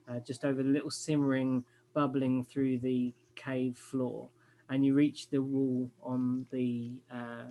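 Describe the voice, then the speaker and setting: A man narrating a tabletop game as game master, pausing often with fillers. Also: mid-range voice, darkish tone. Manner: hesitant, many fillers.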